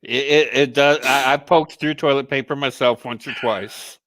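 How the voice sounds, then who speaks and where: A man with a bright, forceful voice, cohosting a live chat show. He talks bluntly and swears freely, joking his way through crude topics. The sound is dry and close. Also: mid-range voice, steady tone, normal speed, no room sound. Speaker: co-host.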